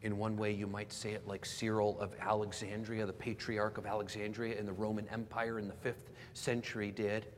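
A Canadian man in his forties preaching a sermon, swinging between loud emphasis and hushed near-whispers. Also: fairly low pitch, level tone, moderate pace, hardly any pauses. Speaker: pastor. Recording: long hall reverb, faint background noise.

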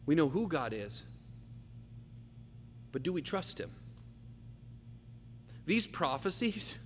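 A man preaching a verse-by-verse sermon, emphatic, slowing down and repeating key phrases for weight. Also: fairly high pitch, big pitch swings, slightly rough. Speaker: pastor. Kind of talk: expository sermon. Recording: long reverb, faint hum.

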